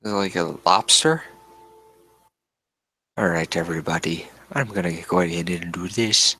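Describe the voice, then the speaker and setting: A man's voice: low voice, measured pace, pushed and bright, husky. A man hosting a casual livestream, rambling and fidgety, talking to chat in a self-described eccentric way. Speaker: livestream host. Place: indoors at home with plants.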